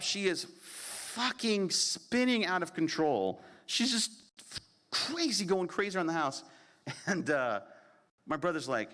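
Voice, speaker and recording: A man telling a comic story at a convention panel, animated and profane, acting out the other people in it. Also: high voice, measured pace. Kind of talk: comedic storytelling at a live panel. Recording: echoey convention hall.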